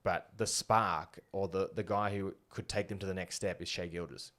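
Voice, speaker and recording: A man's voice: low voice, steady tone, normal speed, fairly bright tone. An Australian man co-hosting a podcast, chatting casually about basketball and confidently making bold predictions. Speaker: podcast co-host. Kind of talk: casual sports chat.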